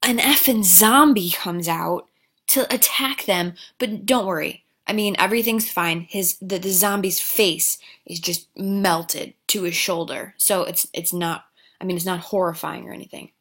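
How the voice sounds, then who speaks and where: A woman who recaps a movie at an unhurried pace, piling on deadpan, sarcastic commentary. She swears freely and pauses to mock the plot. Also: fairly low pitch, breathy edge. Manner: sarcastic, profane, deadpan asides.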